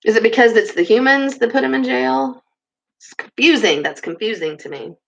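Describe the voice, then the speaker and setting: A woman's voice: fairly high pitch, moderate pace, creaky, dull audio, slight background noise. A woman reading a children's book aloud, stopping to comment casually on the story. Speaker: storybook reader.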